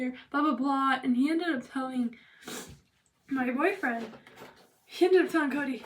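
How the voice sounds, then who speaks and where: A woman's voice: sits high, moderate pace, long pauses, recorded from a distance. A young woman vlogger telling a story in a loose, chatty way, filling it with "like" and "blah blah" and dropping to a whisper for asides. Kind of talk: casual storytelling.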